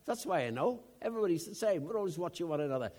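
Husky-voiced man preaching with big swings. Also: sits high, sing-song, racing. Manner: conversational, swings from hushed to loud and emphatic. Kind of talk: sermon.

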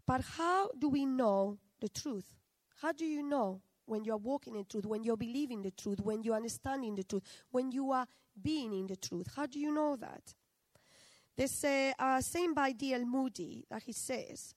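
A woman's voice: fairly high pitch, lively intonation, measured pace, darkish tone, no echo, poor audio. A middle-aged woman preaching a sermon in a conversational way, often asking her listeners questions.

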